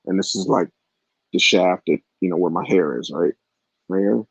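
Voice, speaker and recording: In a low-pitched voice at moderate speed, a forties-aged male vlogger crudely rambles through a raunchy tale from his life, often turning aside to address the listener. The sound is dull, lo-fi and dry, with a bit of hiss or hum.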